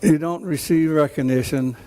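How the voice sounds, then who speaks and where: An older Canadian man with a Canadian accent, giving an emotional, halting acceptance speech at a hall of fame ceremony, full of restarts. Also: a little high, fairly even intonation, warm tone. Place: banquet hall.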